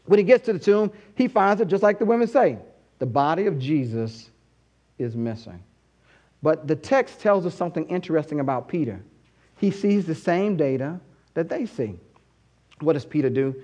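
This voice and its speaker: A male pastor preaching a sermon with animated storytelling and rhetorical questions. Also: fairly high pitch, normal speed.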